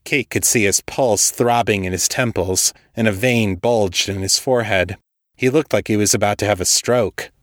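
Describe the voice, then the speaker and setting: A male storyteller with a fairly low voice reads a scripted story in a steady, measured way. The recording is close and dry, with no room sound. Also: no echo. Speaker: storyteller, podcast host. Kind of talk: scripted audiobook narration.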